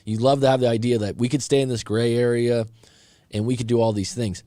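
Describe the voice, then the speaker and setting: A man's voice: medium pitch, flat delivery, fairly quick, mellow, no room sound. Middle-aged guy coaching on a live stream, blunt and chatty, dry close sound. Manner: blunt, conversational, repeats and restarts, calls listener bro. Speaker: breakup coach and show host. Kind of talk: live-stream advice talk reacting to a viewer story.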